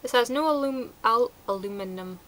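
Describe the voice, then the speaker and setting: A woman's voice: on the high side, moderate pace, a bit bright, poor audio. A woman chatting casually through a product review, enthusiastic and sprinkled with fillers. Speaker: beauty vlogger.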